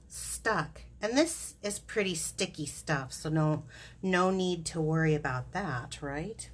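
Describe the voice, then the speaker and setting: A woman's voice: lowish voice, slight background noise. A woman hosting a live craft demonstration, chatty and giggly, explaining each step as she works.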